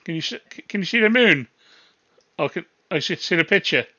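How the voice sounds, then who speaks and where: Chatty bright-voiced man hosting a stream. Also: high-pitched, animated, a little fast, dry recording, muffled recording. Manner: chatty, laughing, swearing casually. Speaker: livestream host. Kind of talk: casual live-stream chat.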